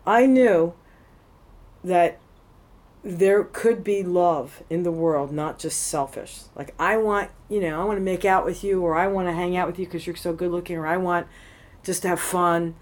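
A woman's voice: lowish voice, steady tone, normal speed, darkish tone. A woman telling a personal story in casual conversation, rambling and frank, swearing freely, at a temple. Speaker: interviewee.

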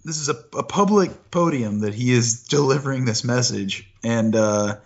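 A man co-hosting a casual chat podcast, speaking thoughtfully with halting restarts. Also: medium pitch, gravelly, lo-fi sound. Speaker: podcast co-host.

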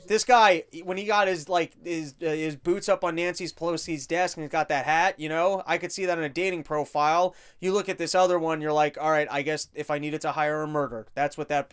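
A man's voice: fairly high pitch, clear, resonant tone. A man hosting a podcast, commenting on video clips in a crude, joking, rambling way. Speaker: podcast host.

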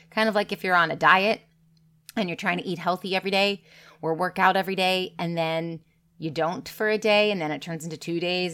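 Woman, business coach, candid casual talk, earnest, slightly low-pitched. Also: vocal fry, a bit bright. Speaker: business coach and content creator. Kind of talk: casual direct-to-camera talk.

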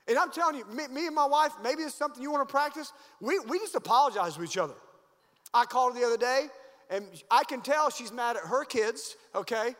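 A man with a high voice delivers an emphatic sermon. He swings between loud rising peaks and quiet low asides. His voice rings out with long hall reverb. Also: fast talker. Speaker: pastor.

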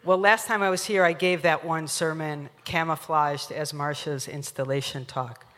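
A woman rabbi opening her sermon in a relaxed, joking way to the congregation. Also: deep voice, normal speed. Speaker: guest rabbi and scholar. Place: synagogue sanctuary. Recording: long hall reverb.

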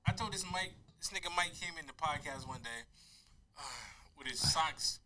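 A man, co-hosting a podcast in casual chat, teasing his friend and breaking into fits of high laughter. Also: animated, normal speed, a crowd in the background. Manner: roasting, bursts into high-pitched laughter. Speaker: podcast co-host.

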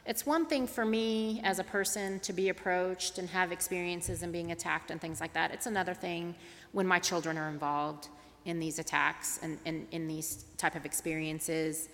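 Bright-voiced woman telling a story. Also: lowish voice, normal speed, big-room sound. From Tulsa, Oklahoma. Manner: animated storyteller, acts out dialogue. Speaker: interfaith advocate speaker. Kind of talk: personal storytelling talk.

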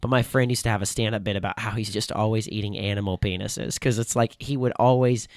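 A man's voice: fairly low pitch, steady tone, quick pace, dry recording, studio quality. A man hosting a casual chat, rambling and joking as he tells stories. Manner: rambling, joking, does voices.

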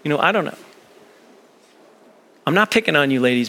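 A man's voice: a little high, brisk, long reverb tail. A man preaching a sermon as pastor, talking casually and acting out the voices he quotes. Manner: animated, conversational, acts out quoted voices. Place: church sanctuary.

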